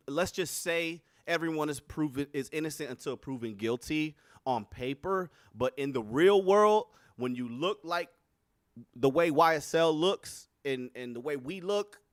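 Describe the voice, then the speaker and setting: A man talks to his livestream audience in loose, salty commentary, and his voice sits a little high for a man. He gets animated and cracks up often. The sound is dry and close, with no room around it. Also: dry recording. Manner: animated, profane, bursts into laughter. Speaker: livestream host.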